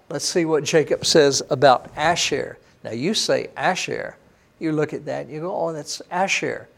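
A male pastor delivering a sermon teaching in a folksy, conversational way. His voice sits a bit high for a man. He drops to hushed awe, then comes back emphatic and lively.

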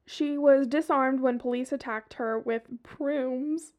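Southern woman, young, true-crime podcast host, high voice, profane and chatty. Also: steady tone, normal speed. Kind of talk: casual true-crime storytelling.

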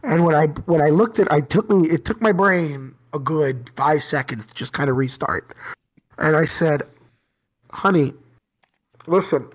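A young man who teaches middle school, telling stories in a casual podcast chat, animated and laughing as he acts out his students. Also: on the high side, normal speed.

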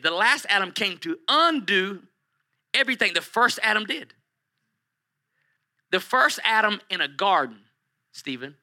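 A male pastor preaching a sermon in an animated way, repeating lines for emphasis. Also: sits high.

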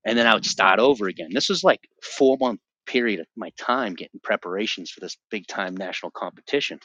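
A man's voice: fairly low pitch, a little fast, pushed and bright, dry recording. A man as a podcast guest, telling his personal faith testimony in an earnest, emotional way and repeating himself for emphasis, on a dull lo-fi recording. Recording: dull lo-fi dry sound.

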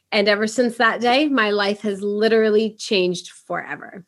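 A middle-aged woman from Puerto Rico, a podcast guest, telling her story in a lively, casual way and acting out the voices she quotes. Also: mid-range voice, normal speed, few pauses. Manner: animated, acts out quoted voices.

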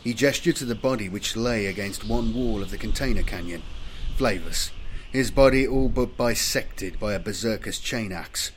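A man giving steady, measured scripted narration of an audiobook. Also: fairly low pitch, a little hiss or hum.

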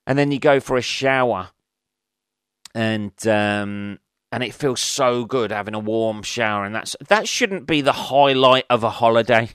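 A man's voice: mid-range voice, animated, measured pace, fairly bright tone, clean tone, no echo, studio quality. A man in his forties hosting a podcast, rambling through a sweary, ranting solo monologue. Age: 40s. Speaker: podcast host.

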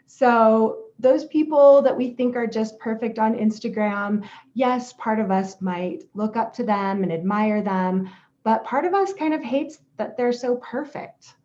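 Gentle woman giving a self-help talk. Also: on the high side, unhurried. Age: adult parent. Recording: slightly dull lo-fi audio.

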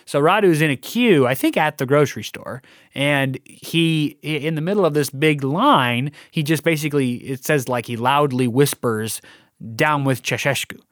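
A man's voice: on the high side, expressive, moderate pace, no echo, studio quality. A man in a casual discussion of a play, explaining scenes and asking guiding questions.

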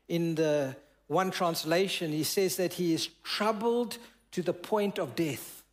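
A man's voice: high-pitched, animated, measured pace. A male pastor preaching a sermon in church, reading scripture aloud and explaining it, asking the congregation questions and drawing out words for emphasis.

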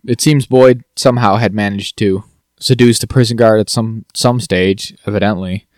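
A man co-hosting a podcast, rambling through a TV recap and slipping into quick mock quotes of the characters. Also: lowish voice, fairly even intonation, dry recording, studio quality. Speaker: podcast co-host. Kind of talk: casual chat recapping TV.

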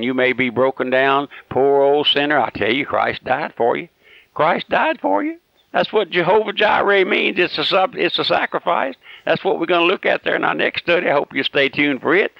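A man's voice: medium pitch, vocal fry, dry recording. A middle-aged man preaching a radio sermon, folksy and fervent, pleading with rhetorical questions. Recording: dull, dry, lo-fi radio recording.

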